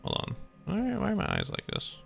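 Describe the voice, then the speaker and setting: A man's voice: high voice, huge pitch swings, moderate pace, vocal fry, fairly bright tone, soft background music. A young man streaming as a VTuber, chatting casually and rambling while he keeps interrupting himself. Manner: rambling, self-interrupting, easily distracted. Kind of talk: casual livestream chat while reading a game story.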